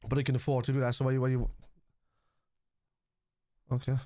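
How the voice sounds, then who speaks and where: The football watchalong host answers viewers bluntly in live stream chat, with lots of cursing. This time he sounds medium-pitched, monotone, and mellow at a moderate pace, in a dry, clean studio recording.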